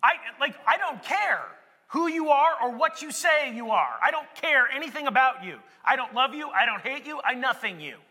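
Brief: male preacher as a cold Roman governor, blunt and offhand, high bright voice with long hall reverb. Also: sing-song, moderate pace, exaggerated voice.

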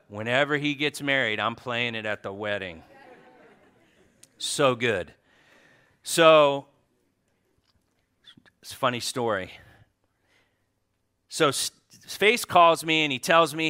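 A medium-pitched man with a bright, crisp, resonant voice offers a heartfelt tribute to a congregation. His storytelling is lively, swinging between loud animated bursts and soft, quiet asides.

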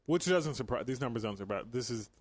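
Man, podcast co-host, measured, cites numbers, mid-pitched. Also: lively intonation, no echo. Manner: careful, cites figures, fact-checking. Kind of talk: casual chat.

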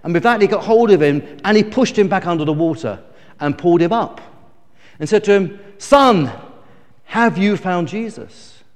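A man's voice: high-pitched, fairly quick, darkish tone, in a large hall. A middle-aged man preaching a sermon, telling stories with emphasis and small restarts. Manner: storytelling, emphatic, self-correcting.

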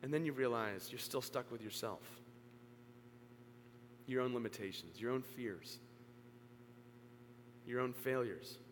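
A male pastor preaching a sermon to a congregation. He speaks earnestly, rising to emphatic peaks and then dropping low. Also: measured pace, pauses often. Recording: long hall reverb, faint hum.

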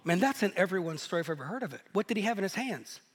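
A man preaching a sermon, telling stories in a lively, animated way and laughing at himself now and then. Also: high-pitched, rapid-fire, breathy edge. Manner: storytelling, animated, self-deprecating laughs. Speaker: pastor. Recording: echoey hall.

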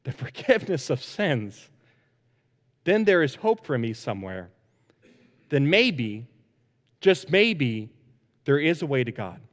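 A preacher voicing a desperate sinner monk. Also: male voice, medium pitch, sing-song, unhurried, long pauses, a bit bright, big-room sound. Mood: awed. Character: weeping sinful male German monk, desperate.

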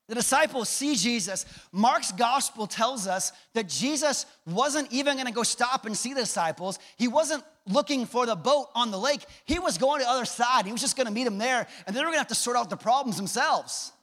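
A male pastor delivers a sermon in a loose, conversational way, often turning to the audience with questions. His voice sits high. It rings out with the long reverb of a large hall. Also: lively intonation, a little fast, few pauses, fairly bright tone. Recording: echoey hall.

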